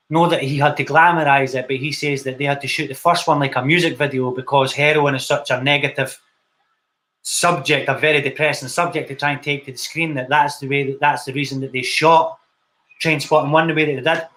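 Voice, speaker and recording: A man's voice: fairly high pitch, bright, forceful tone. A young Scottish man, a film director, telling his story in a casual interview, blunt and swearing freely. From Scotland. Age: young adult.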